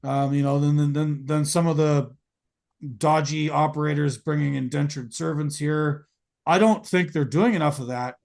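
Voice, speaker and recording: A man's voice: on the high side, fairly even intonation, moderate pace, creaky, darkish tone. A man hosting a podcast, talking casually in long, rambling runs full of fillers and restarts. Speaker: podcast host.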